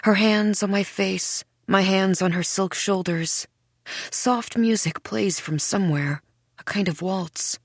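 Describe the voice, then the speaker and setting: A woman reading a first-person mystery audiobook in a measured, hushed way. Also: mid-range voice, no room sound, clean studio sound. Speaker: audiobook narrator. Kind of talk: scripted first-person narration.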